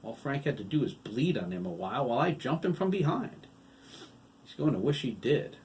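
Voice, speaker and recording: A man voicing an angry, sullen teenage farmhand who snaps and talks back loudly in an audiobook. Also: medium pitch, lively intonation, a little fast, a little hiss or hum, voice pushed up, natural voice. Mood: vengeful. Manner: snappish, sarcastic and loud.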